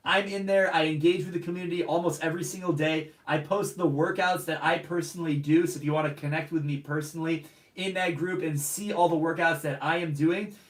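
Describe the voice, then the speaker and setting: A man's voice: a little high, far from the mic. A man hosting a live stream Q&A, upbeat and calling out greetings to viewers from many places. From United States. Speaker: host. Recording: roomy echo, off-mic.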